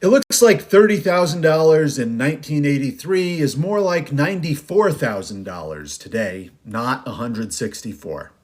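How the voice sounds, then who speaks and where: A man fact-checks a claim in a dry, explanatory tone. His pitch moves a lot as he walks through the numbers. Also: lively intonation, normal speed, few pauses, darkish tone. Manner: dryly corrective, explanatory. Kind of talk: fact-check response video.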